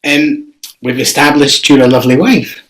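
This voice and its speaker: Interviewer, mid pitch, halting and filler-heavy. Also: slight background noise, poor audio. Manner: hesitant, many fillers. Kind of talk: casual interview.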